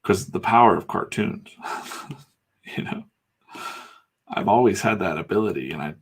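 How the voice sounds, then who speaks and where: Middle-aged guy, low husky voice, rambling casual chat with some swearing. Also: a little slow, a bit bright. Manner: rambling, candid and profane. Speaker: comics artist and channel host. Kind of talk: casual talk while drawing.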